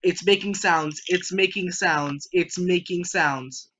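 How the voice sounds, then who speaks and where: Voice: medium pitch, takes it slowly, few pauses, a bit bright. A young adult gamer giving let's play commentary, joking, rambling and talking back at the game on screen. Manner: jokey, rambling, talks to the game. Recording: dull lo-fi recording.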